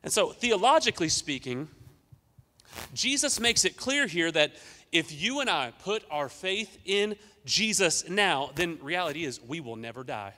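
A man preaching an energetic sermon as pastor, emphatic and urging the congregation to respond. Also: fairly high pitch, measured pace, in a large hall.

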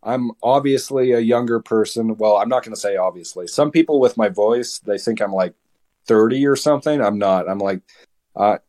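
A young man in his late teens, a podcast guest, tells a story casually in a heated, animated way, restarting his words often. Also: on the low side, moderate pace.

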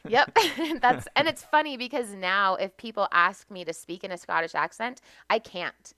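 A woman's voice: mid-range voice, normal speed, pushed and bright, dry recording. A young American woman, a podcast guest, telling stories from her life in a chatty way and laughing often. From United States. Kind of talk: casual podcast conversation.

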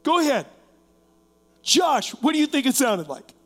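A man preaching a sermon as pastor, animated, calling on members of the congregation and shouting out to show his point. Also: extremely high pitch, a little slow. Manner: shouts to demonstrate, rising to loud bursts. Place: church sanctuary. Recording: long hall reverb.

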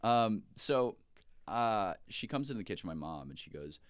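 A young man co-hosting a podcast, telling an animated story full of swearing. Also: on the low side, normal speed, no room sound, studio quality. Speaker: podcast co-host. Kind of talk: casual chat.

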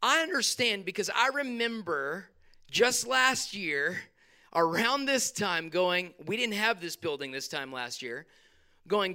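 A male pastor, preaching a sermon in a church hall with animated bursts and quick asides. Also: high voice, clear, resonant tone.

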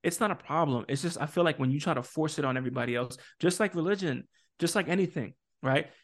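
A man's voice: on the high side, quick pace. A man co-hosting a casual podcast chat, talking emphatically, often laughing and working out his points aloud as a parent with opinions. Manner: animated, emphatic, laughs often, restarts and asks for words. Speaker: podcast co-host.

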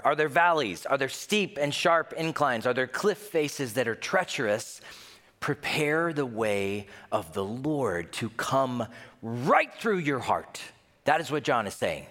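A man preaching a sermon in a lively, animated way, sometimes acting out the voices of people he quotes. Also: a little high. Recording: long hall reverb.

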